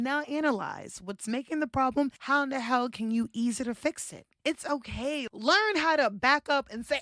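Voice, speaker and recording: A young woman talks straight to her listeners in a loose, animated monologue, swearing freely and stretching out the words she wants to land. Her voice sits a bit high. The sound is close and dry, with no room around it. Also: moderate pace, dry recording. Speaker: podcast host. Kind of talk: casual self-help monologue.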